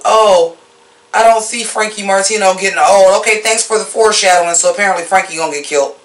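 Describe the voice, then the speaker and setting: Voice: medium pitch, a little fast, reverberant, far from the mic. A host giving a casual episode recap and review, blunt, profane and openly opinionated, mocking the scenes they dislike. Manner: animated, mocking.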